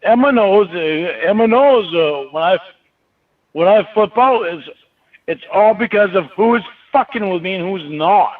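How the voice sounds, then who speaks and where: A man's voice: sits high, moderate pace. A very drunk man on a phone call who rambles, slurs and swears. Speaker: phone caller. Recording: tinny phone call, far from mic.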